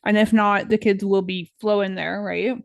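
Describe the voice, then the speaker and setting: A woman's voice: medium pitch, fairly even intonation, measured pace, vocal fry, no echo, muffled recording. Young woman co-host, loose chatty delivery, everyday mid voice, dry studio sound. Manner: chatty, full of "like" and "right?". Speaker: podcast co-host; teacher. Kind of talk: casual chat.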